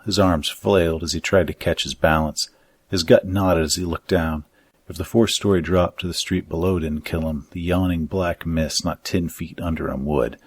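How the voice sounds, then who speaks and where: A man reading his own dark fantasy story aloud in a measured, even audiobook narration. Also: deep voice, husky, no room sound.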